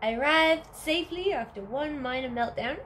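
A woman's voice: high voice, normal speed, slight background noise. A young woman chatting casually in a travel vlog, playful and giggly, filmed on a handheld camera in a car and outdoors. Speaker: vlogger. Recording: loud background music.

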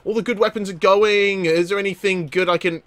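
A man giving excitable let's play commentary, often laughing and shouting at enemies. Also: sits high, a little fast, no echo. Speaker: gaming YouTuber.

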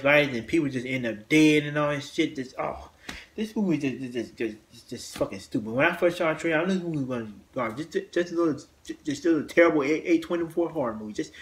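Halting man ranting about movies. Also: fairly high pitch, a bit bright. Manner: halting, many restarts and repeated words, blunt cursing. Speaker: host. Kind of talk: casual movie rant.

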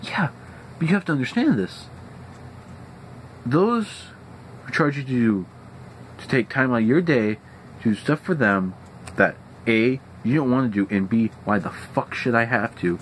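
Young male vlogger, angry profane rant, animated delivery, light background noise. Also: mid-range voice, moderate pace, pauses often, poor audio. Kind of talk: venting rant. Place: at home indoors.

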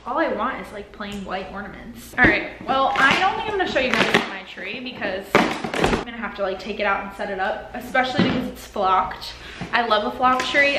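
A woman's voice: a little high, heavy background noise. A young woman chatting casually to camera at home for her vlog, filling her talk with lots of "like". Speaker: lifestyle vlogger. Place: home, apartment. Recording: echoey room.

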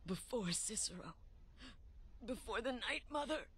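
An actress playing a remorseful, resigned female assassin leader who speaks in a measured, grave way. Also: on the high side, expressive, fairly bright tone.

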